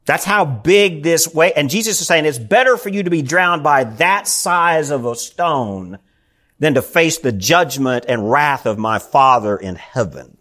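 Earnest high-voiced man preaching. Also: animated, unhurried, fairly bright tone. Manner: earnest preaching, frequent "I mean" fillers and restarts. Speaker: pastor. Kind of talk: sermon.

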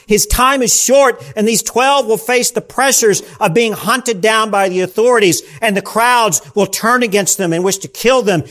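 High-voiced man preaching slow and emphatic. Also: a bit bright. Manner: slow, emphatic, repeats key question with dramatic pauses. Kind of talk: Bible teaching sermon.

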